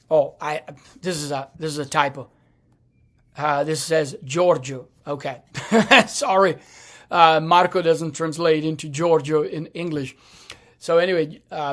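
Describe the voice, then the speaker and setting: A man teaching a language lesson, explaining slowly with frequent restarts and fillers. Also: fairly high pitch, a bit bright. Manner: slow, hesitant, with many restarts and fillers.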